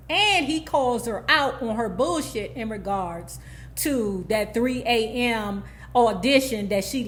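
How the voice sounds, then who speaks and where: An animated woman gives a casual TV recap in a sassy voice. She speaks in a fairly high voice, tossing in "okay?" asides and acting out the characters' lines. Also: slight background noise. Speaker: YouTube TV recap host.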